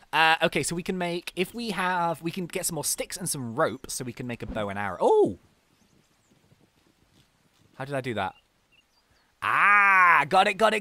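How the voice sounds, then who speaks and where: A man giving excitable, chatty commentary while playing a video game, often laughing and exclaiming. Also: on the high side, no room sound. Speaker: gaming video host. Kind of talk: casual let's-play commentary.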